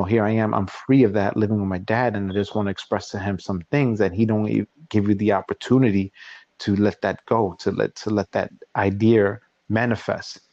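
A man's voice: on the low side, darkish tone, no echo. A man in his forties hosts a podcast and tells a personal story in a loose, casual way. He acts out both sides of an argument. The sound is dull and dry, like a lo-fi home recording. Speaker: podcast host. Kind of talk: casual chat.

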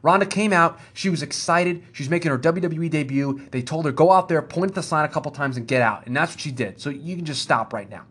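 A man co-hosting a podcast, talking fast and emphatically in casual chat and building to a rant. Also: on the high side, expressive, fairly bright tone, husky. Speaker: podcast co-host. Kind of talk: casual wrestling talk.

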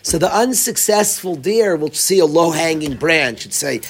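A man's voice: on the high side, animated, normal speed, slight background noise. A man teaching an informal Torah class, repeating key phrases and mixing Hebrew terms with casual asides. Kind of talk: informal Torah lecture with stories.

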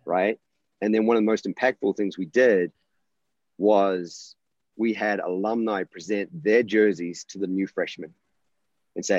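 Earnest deep-voiced man coach. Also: steady tone, moderate pace, darkish tone, no echo, highs cut off. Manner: earnest and passionate, frequent restarts. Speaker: college volleyball coach. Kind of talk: conversational interview storytelling.

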